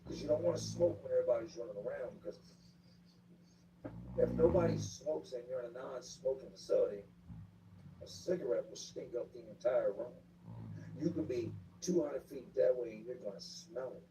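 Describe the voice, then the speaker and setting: A man telling stories of his time as an inmate in casual street slang, acting out the shouts of other inmates. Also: mid-range voice, animated, normal speed. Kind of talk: casual storytelling. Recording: distant mic with clear background noise.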